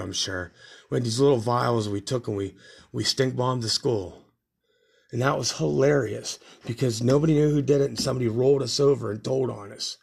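A middle-aged man with a gravelly, husky voice, telling his own stories in a loose, rambling way. He talks casually, at a middle pitch, and chuckles at his own tales. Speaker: podcast host. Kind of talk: casual storytelling.

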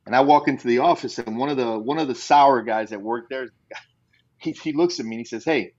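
A man's voice: medium pitch, a little fast, a little mellow. A middle-aged man, a former undercover customs agent, telling stories in a casual interview with frequent "you know" asides and laughs. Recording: slightly dull lo-fi audio.

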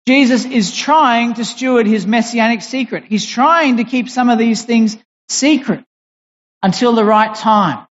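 A preacher giving a sermon in a deliberate, emphatic way, pausing and restarting as they explain. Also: mid-range voice. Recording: dull recording in a reverberant hall.

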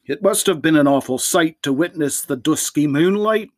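A priest guesting on a podcast, reciting a poem theatrically in a put-on Scottish dialect. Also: male voice, on the high side, normal speed, dry recording. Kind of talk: dramatic poem reading.

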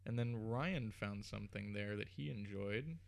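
A man's voice: fairly low pitch, moderate pace, vocal fry. A man running a tabletop game, recapping the session in casual chat, laughing often and teasing his players. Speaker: game master.

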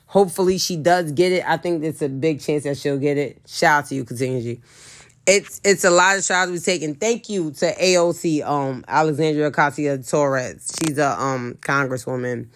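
Low-pitched woman, frank and profane, casual solo talk. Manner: blunt, profane, emphatic. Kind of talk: casual monologue.

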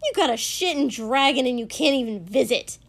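A woman voicing a fierce older village woman who scolds loudly in a storybook reading. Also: high-pitched, lively intonation, brisk. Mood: scolding. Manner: loud, scolding.

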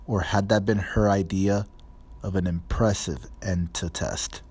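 A man narrating a storybook in a measured, even reading. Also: low-pitched, slightly rough. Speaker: audiobook narrator.

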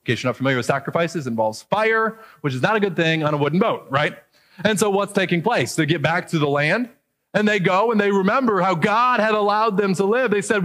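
A man with a high voice preaches through a scripture passage, explaining each verse to his congregation. His voice rings out in a reverberant hall, and he lifts it when he acts out the people in the story. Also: fairly quick, a bit bright. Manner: expository preaching, voicing quoted characters with rising emphasis. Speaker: pastor. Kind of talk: sermon.

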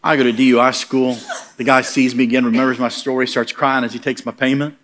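Animated, plain-spoken male preacher. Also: mid-range voice, fast talker. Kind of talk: humorous storytelling sermon.

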